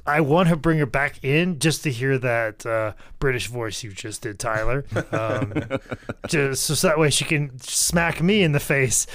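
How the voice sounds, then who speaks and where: A man's voice: a little high, fairly bright tone, no echo. A man co-hosting a comedic podcast, rambling through mock-serious rants. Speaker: podcast co-host.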